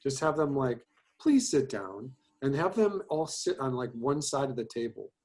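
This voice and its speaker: A storyboard instructor teaching online over a video call gives chatty, rambling feedback on student storyboards, full of fillers and restarts. His voice is medium-pitched and darkish, at normal speed with lively intonation.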